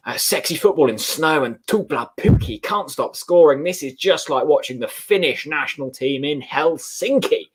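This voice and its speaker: A man's voice: fairly high pitch, animated, moderate pace, few pauses, slightly rough. A man hosting a fan watchalong stream, chatting casually and reading viewer messages with banter. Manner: chatty, reads out super chats with banter.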